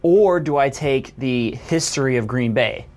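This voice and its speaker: A man's voice: medium pitch, measured pace, a little mellow. Man, young adult, podcast co-host, easygoing, teasing, casual chat. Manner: easygoing, teasing, laughs often.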